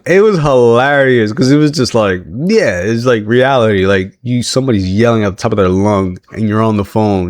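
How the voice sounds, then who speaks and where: A man's voice: mid-range voice, normal speed, darkish tone, no echo, clean studio sound. A man recapping a wrestling show in a casual, chatty way, laughing often and restarting his sentences.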